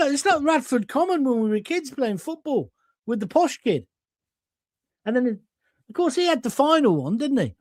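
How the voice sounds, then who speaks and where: An older man rants through a live online show, blunt and sarcastic as he reads out viewer comments. His voice sits fairly high for a man. The sound is close and dry, with little room around it. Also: very animated, normal speed, dry recording. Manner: blunt, sarcastic, mocking voices in mini-skits. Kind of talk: ranting live-stream commentary.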